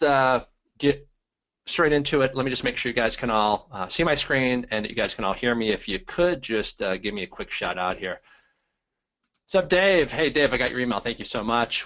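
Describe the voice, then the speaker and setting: A man hosting a live online training webinar, energetic and hyped-up, greeting viewers by name and talking with lots of fillers. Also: medium pitch. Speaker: webinar host.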